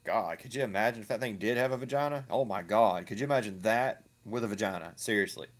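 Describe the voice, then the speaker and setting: Low-voiced man ranting crudely. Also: quick pace. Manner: crude, profane and mocking, repeats himself. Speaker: online video commentator. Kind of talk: ranting reaction commentary.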